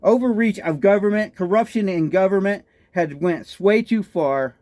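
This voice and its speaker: A high-voiced man with a Texan drawl rants in indignant political commentary, hammering his points with repeated rhetorical questions. His voice is recorded close and dry, with no room sound. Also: normal speed, a little mellow, no room sound. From Texas. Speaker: political vlogger. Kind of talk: ranting commentary.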